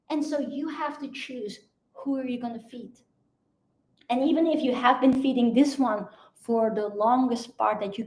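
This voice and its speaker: A woman's voice: a little high, darkish tone. A woman mentor speaking on a motivational live video, earnest and emphatic, often repeating her key phrases.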